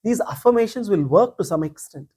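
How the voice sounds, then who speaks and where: A man giving a spiritual discourse as a teacher, speaking deliberately, repeating key phrases and reciting verses. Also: high-pitched, animated, dark tone, breathy edge.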